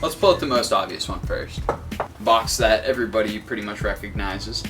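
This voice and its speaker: A man's voice: on the low side, fairly quick, distant mic. Young guy hosting a sneaker unboxing, jokey, a bit off mic with music playing. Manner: jokey, sometimes slips into a silly pirate voice. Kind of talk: casual unboxing chat.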